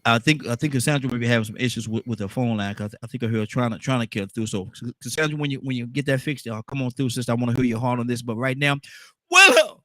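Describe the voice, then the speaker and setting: Fast-talking male call-in show host. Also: mid-range voice, no echo. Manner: affirming, lots of "mm-hmm" and "amen".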